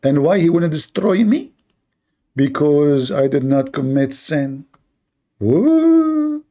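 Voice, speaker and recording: A man's voice: fairly high pitch, measured pace, mellow. A man hosting a live online debate, arguing in a sarcastic, combative way. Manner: sarcastic, argumentative. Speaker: debate host.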